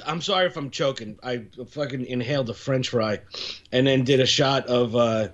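A man's voice: mid-range voice, a little fast, dull audio. A man chatting casually as a podcast guest over an internet call, laid-back and rambling, often laughing. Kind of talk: casual chat.

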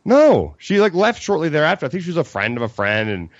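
A man's voice: fairly high pitch, fast talker, no room sound. A young man from Colorado, co-hosting a podcast and telling a rambling, profane story as he acts out what everyone said. The sound is dry and a little dull, like a lo-fi podcast mic in a small room. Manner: animated, profane storytelling with acted-out quotes. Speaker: podcast co-host. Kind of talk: casual storytelling chat.

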